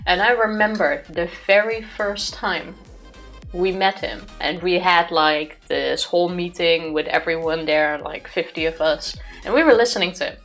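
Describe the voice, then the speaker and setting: Woman, stream co-host, casual chat, laughs easily, lowish pitch, faint music behind. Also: normal speed, fairly bright tone. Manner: chatty, laughs easily while telling stories. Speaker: let's play co-host.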